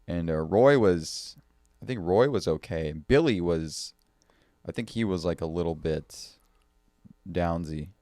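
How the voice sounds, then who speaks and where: Deep-voiced laid-back podcast man. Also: a little slow, pauses often, a little mellow, no room sound, clean studio sound. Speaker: podcast co-host. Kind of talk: casual chat.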